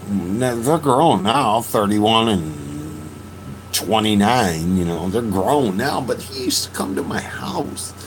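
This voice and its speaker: Man, 50s, podcast host; low voice, slow, profane, halting storyteller. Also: very animated, a little hiss or hum, rough recording. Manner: profane, halting, with frequent restarts. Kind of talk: emotional personal storytelling.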